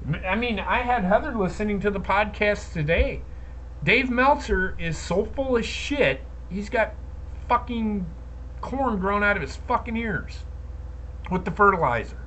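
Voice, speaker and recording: A woman's voice: mid-range voice, expressive, measured pace, fairly bright tone, slight background noise. A woman co-hosting a wrestling podcast, ranting and swearing heavily in casual chat. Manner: profane, ranting, heated. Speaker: podcast co-host.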